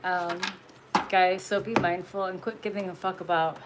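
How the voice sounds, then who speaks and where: A woman's voice: lowish voice, level tone, moderate pace, heavy background noise. Blunt, profane woman giving a tarot message. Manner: blunt and profane, laughs often, emphatic. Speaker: tarot reader. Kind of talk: casual spiritual message monologue.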